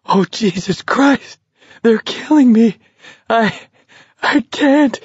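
A man voicing an exhausted young man who laughs hysterically, shrill and gasping as though near weeping. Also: slow, slightly rough, dry recording, heavily acted. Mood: gasping despair. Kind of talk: audiobook character voice. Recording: dull lo-fi recording.

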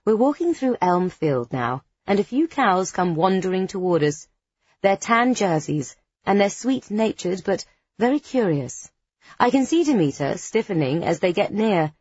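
A woman's voice: medium pitch, sing-song, moderate pace, a little mellow, slightly rough, dry recording, highs cut off. A woman narrating a first-person story in a wry, conspiratorial tone with dry understatement. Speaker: audiobook narrator.

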